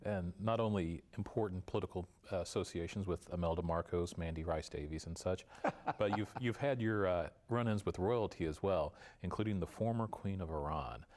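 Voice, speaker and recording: A man with a very deep voice puts measured, leading questions to his guest. He is the interviewer on a radio book show. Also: a little mellow.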